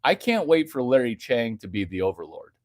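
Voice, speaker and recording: A man's voice: mid-range voice, very animated, fairly quick, no echo, studio quality. A man hosting a livestream, reading chat aloud and riffing on it in a provocative, mocking way. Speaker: livestream host.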